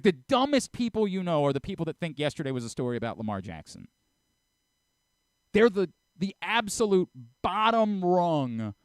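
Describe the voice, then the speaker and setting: Exasperated, lecturing sports radio host. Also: male voice, fairly high pitch, no echo. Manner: exasperated, lecturing, stammering restarts. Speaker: radio host and programming director. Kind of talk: heated sports radio argument.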